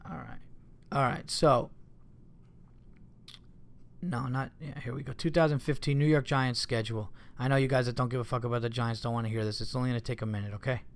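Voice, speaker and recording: A man's voice: medium pitch, fairly even intonation, a little fast, creaky. Rambling, cursing male podcast host. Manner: rambling, profane, easily exasperated. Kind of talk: casual solo podcast chat.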